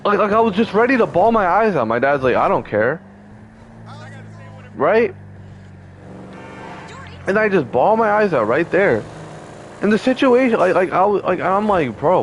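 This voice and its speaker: Young man in his 20s, upset and heated, swears a lot, voice a bit high and swinging widely, faint traffic behind. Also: rough recording. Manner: heated, profane, repetitive fillers. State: upset, close to tears. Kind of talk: emotional personal storytelling.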